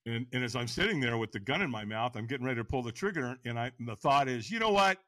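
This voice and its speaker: A man in his sixties, a podcast guest, frankly telling his own story in an animated way and acting out the voices. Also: medium pitch, quick pace, no room sound. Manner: animated, acts out voices and inner dialogue; frank, casual speech. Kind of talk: personal storytelling in an interview.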